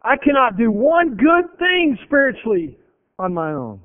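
High-voiced preacher on tinny radio. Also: male voice, very animated, measured pace. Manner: earnest, emphatic, repeats phrases. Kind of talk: sermon. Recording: tinny phone-like radio broadcast.

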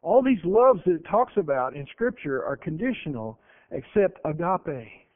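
A man preaching a sermon, emphatic, swinging between loud stresses and hushed lines and slowing down when he quotes scripture. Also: a little high, very animated, dry recording. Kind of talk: radio sermon. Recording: tinny lo-fi radio broadcast.

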